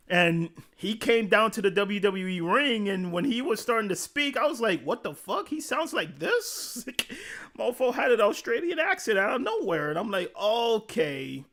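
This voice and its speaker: A man's voice: sits high, a bit bright. A man casually chatting on a live stream, reading chat comments aloud, swearing freely and laughing often as he rambles. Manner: profane, laughs often, rambling game talk.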